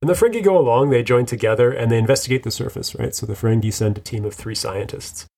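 A man's voice: mid-range voice, quick pace, creaky, darkish tone. A man co-hosting a casual chat, rambling through a recap with fillers and frequent laughter. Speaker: podcast co-host.

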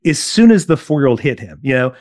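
A man's voice: medium pitch, quick pace, dry recording, clean studio sound. A man talking as a parenting coach in an interview, telling stories animatedly, acting out quotes and often checking in with "right?". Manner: animated storyteller, acts out quotes, keeps asking "right?". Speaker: parenting coach, podcast guest. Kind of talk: interview talk with anecdotes.

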